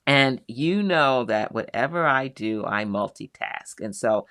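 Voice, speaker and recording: A middle-aged woman hosts a live craft stream in a chatty, easygoing way, reading out viewer names and replying to each. Her pitch swings up and down a lot while her pace stays slow. The sound is close and dry, with no room echo. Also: big pitch swings. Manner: chatty, reads out viewer names and answers warmly. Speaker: host of a live quilting show.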